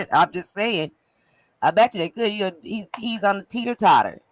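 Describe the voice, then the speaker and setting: Woman, casual gossip, lively storyteller, dry close sound. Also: medium pitch, unhurried, no room sound, low-quality recording. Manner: animated storyteller, laughs often, acts out quotes. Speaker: co-host recapping an event.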